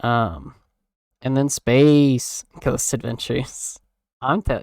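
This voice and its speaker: A young man chats on a stream in a loose, rambling way, leaning on fillers and tossing in casual swearing. His mid-range voice has a gravelly fry. The sound is dry and close. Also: medium pitch, slow, a little mellow, dry recording.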